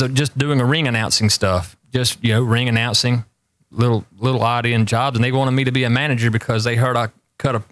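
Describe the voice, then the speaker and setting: A man's voice: mid-range voice, fairly bright tone, no room sound, clean studio sound. A man, hosting a show and telling rambling stories with emphatic repeated warnings. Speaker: talk show host. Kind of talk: casual storytelling chat.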